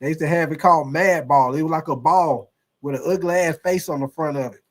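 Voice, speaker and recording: A man hosting a casual sports livestream, talking in an animated, slangy way and reading out viewer comments. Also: on the high side, a little fast. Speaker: host.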